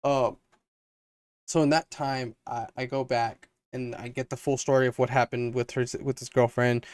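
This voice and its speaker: A man's voice: medium pitch, level tone, normal speed, darkish tone, smooth, no room sound. A young man co-hosting a podcast, telling a long story in a rambling casual way and acting out his friends' lines. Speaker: podcast co-host.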